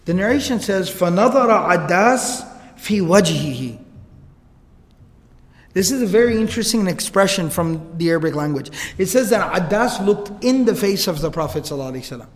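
Quick animated guy lecturing, high voice, echoey hall. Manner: animated storytelling with Arabic quotes. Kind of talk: religious history lecture.

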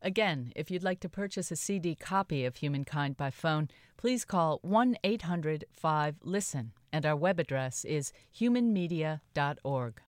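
A woman reading a scripted radio announcement with ordering details, clearly and deliberately. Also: low-pitched, lively intonation, dry recording, clean studio sound. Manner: clear, deliberate reading of numbers and web address. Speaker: program announcer.

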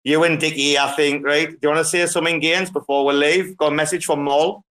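A man's voice: fairly high pitch, steady tone, brisk, fairly bright tone. A man hosting a casual online audio chat, swearing freely and joking with his guests. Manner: profane, joking banter. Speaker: host.

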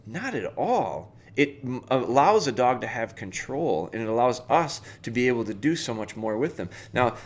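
Speaking at a medium pitch, a man hosts a dog training podcast, offering casual, plainspoken advice and walking the listener through everyday situations.

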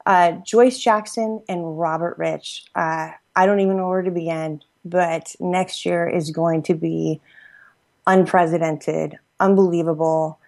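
Effusive woman host, slightly low voice. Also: steady tone, unhurried, creaky, darkish tone. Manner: effusive, laughing often, rambling with restarts. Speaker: podcast host. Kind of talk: casual gratitude shout-outs. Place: Los Angeles.

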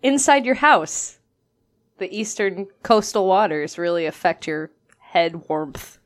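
Podcast co-host, woman, lively teasing voice, slightly low. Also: slow. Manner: teasing, laughs often. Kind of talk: casual podcast chat.

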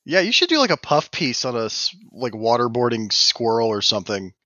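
A man appearing as a guest on a casual podcast, trading goofy deadpan quips. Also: mid-range voice, brisk, no room sound, lo-fi sound. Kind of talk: casual comedic podcast chat. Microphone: remote call recording.

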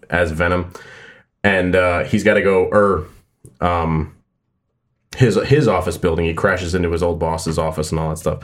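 A man in casual movie chat, retelling scenes in a rambling, laid-back way. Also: low-pitched.

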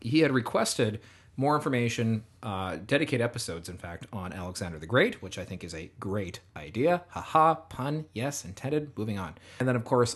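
A man's voice: on the low side, slightly rough. A man co-hosting a podcast, chatting casually and joking while he reads out listener emails. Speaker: podcast co-host. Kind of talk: casual chat.

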